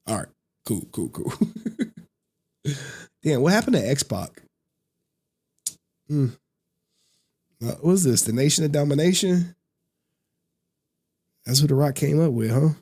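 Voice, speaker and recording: Man, thirties, live-stream host, slangy, laughs a lot, gravelly, husky. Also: on the high side, a little slow, long pauses. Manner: slangy, laughs often, animated storytelling. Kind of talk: casual live-stream commentary.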